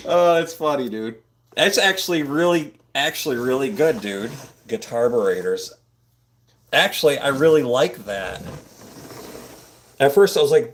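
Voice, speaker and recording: A man hosting a casual livestream from a home room, rambling and filling his talk with "dude" and "like," close on a boom-mounted microphone. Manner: rambling, filler-heavy, says "dude" and "like" a lot. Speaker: livestream host. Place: home room full of computer monitors.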